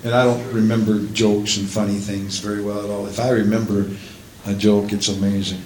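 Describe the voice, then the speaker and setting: A man preaching a sermon as a pastor, breaking often into praise and hallelujahs and building up to shouting at the climaxes. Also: lowish voice, level tone, fairly quick, echoey room, slight background noise, rough recording.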